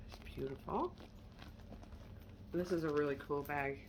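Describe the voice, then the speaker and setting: A woman's voice: deep voice, measured pace, slight background noise. A woman chatting casually and candidly as she shows handbags for sale, with self-deprecating asides. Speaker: online handbag reseller. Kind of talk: casual product showcase vlog.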